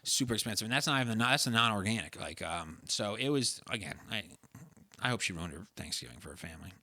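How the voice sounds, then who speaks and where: A man's voice: on the low side, lively intonation, fast talker, pushed and bright, dry recording. A young man telling a story in a casual chat, sarcastic and profane. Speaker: podcast co-host.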